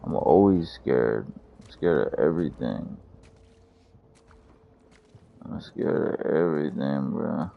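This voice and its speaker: Brief: male streamer, very low and gravelly, slow drawl, swears and jokes through gameplay, dull lo-fi audio. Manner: profane, joking banter. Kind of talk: casual gameplay commentary.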